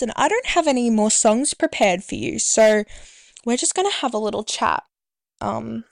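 A young Australian woman hosts a community radio show and chats loosely between songs, rambling and poking fun at herself. Her voice sits at an ordinary middle pitch and sounds close and dry, with no room around it. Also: gravelly, no room sound. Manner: chatty, rambling, self-deprecating. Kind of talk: casual radio chat.

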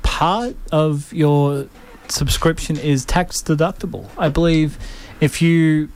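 A man's voice: a little high, slow, a little mellow. Laid-back man radio presenter. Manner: rambling, laid-back, repeats words. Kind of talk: casual on-air radio chat. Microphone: studio broadcast mic.

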